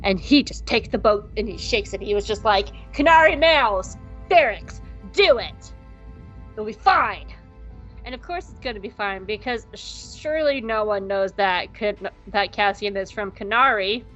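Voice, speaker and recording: A woman co-hosting a podcast, casually recapping an episode and acting out the characters in quick mock voices. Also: mid-range voice, a bit bright, faint music behind. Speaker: podcast co-host.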